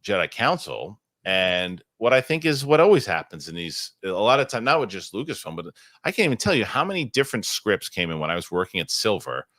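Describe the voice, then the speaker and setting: A middle-aged man hosting a casual podcast, rambling and excitable as he chats and reads ads. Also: fairly low pitch, fairly quick, no room sound, clean studio sound. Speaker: podcast host. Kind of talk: casual chat and live ad reads.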